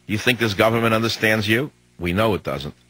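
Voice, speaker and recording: A man's voice: fairly low pitch, a little fast, a bit bright, no echo, rough recording. A combative talk radio host, a man in his sixties, delivering an emphatic, hectoring monologue on a studio microphone.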